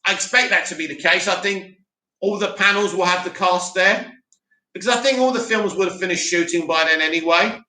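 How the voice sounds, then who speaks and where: Hosting a live stream about movie news, this young South Londoner from Bromley reads out comments and banters with chat, swearing casually. He speaks fairly quickly in a high, very bright, animated voice, and the room is echoey.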